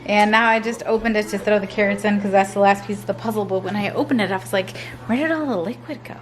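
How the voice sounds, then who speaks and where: A woman's voice: medium pitch, little pitch movement, quick pace. A young woman vlogging casually at home in her kitchen, chatty and rambling, often restarting her sentences. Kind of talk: casual chat to camera.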